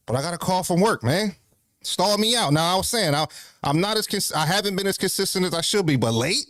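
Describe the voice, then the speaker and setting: A man catches his breath as he chats loosely to his livestream audience. His voice sits a little high and the sound is dry and close. He curses casually and keeps restarting his sentences. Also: expressive, fast, fairly bright tone, dry recording. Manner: loose, profane, rambling with frequent restarts. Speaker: livestream host.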